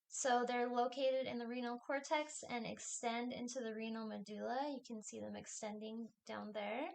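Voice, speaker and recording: A woman's voice: a little high, vocal fry. A woman instructor giving a recorded lecture, talking through a diagram step by step in a plain, explanatory way.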